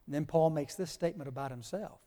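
A male pastor speaks fast in a slightly high, dark-toned voice, preaching an emphatic sermon. He spells out Greek words for the congregation, and the recording has a long hall reverb.

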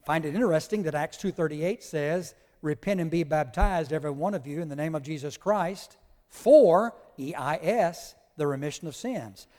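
A man's voice: a little high, moderate pace, hardly any pauses, a little mellow. A male pastor preaching a sermon, teaching emphatically and spelling out Greek words to his congregation. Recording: long hall reverb.

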